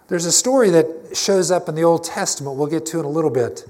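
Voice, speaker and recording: A man's voice: fairly high pitch, animated, quick pace, few pauses, a little mellow. A man preaching a conversational, emphatic sermon to his congregation, often restarting his phrases. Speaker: pastor.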